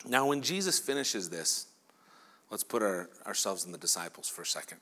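A male pastor giving a lively sermon who acts out imagined dialogue between the people in his story. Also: on the low side, normal speed. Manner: animated preaching, acting out imagined dialogue.

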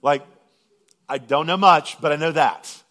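A man delivering a sermon in a slightly higher voice, rising to loud declarations and then dropping to a hushed, intense murmur. He lingers slowly over scripture lines for emphasis. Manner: dramatic swings between loud proclamation and hushed intensity. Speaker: pastor.

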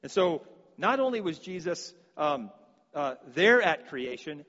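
A man's voice: fairly high pitch, sing-song, unhurried, a bit bright, in a large hall, lo-fi sound. A man preaching a sermon, earnest and given to repeating words as he restarts his sentences.

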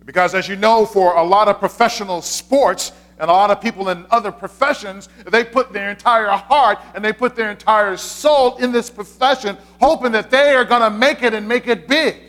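A man's voice: high voice, normal speed, hardly any pauses, a bit bright. A man, a pastor, giving a conversational sermon, repeating his key points with frequent fillers.

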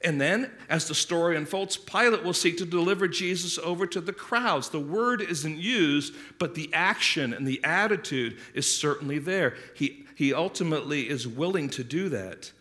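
A man's voice: a little high, normal speed, hardly any pauses, bright, forceful tone. A man preaching an earnest expository sermon to his congregation, repeating words as he explains a passage. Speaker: pastor.

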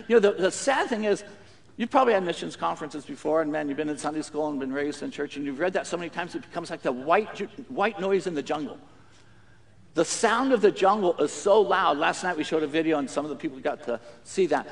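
Man, middle-aged pastor, higher voice, emphatic sermon delivery with acted quotes. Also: animated, brisk.

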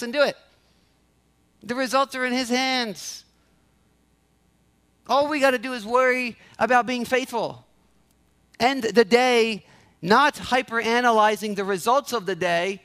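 A man's voice: high-pitched, moderate pace, a bit bright. A male pastor preaching a sermon, acting out quoted prayers and repeating key phrases for emphasis. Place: church sanctuary.

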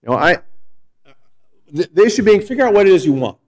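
A man's voice: high-pitched, very animated, fast talker. A middle-aged man, a pastor, preaching a sermon in a conversational, storytelling way with frequent restarts.

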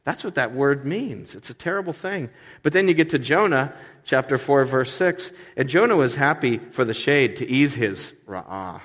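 A man preaching in a church, with a long reverb filling the space around him. His pitch sits in a middle range. He preaches with lively energy, acts out voices and pokes fun at himself. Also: normal speed. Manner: lively preaching with acted-out voices and self-deprecating humor. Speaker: pastor. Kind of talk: sermon.

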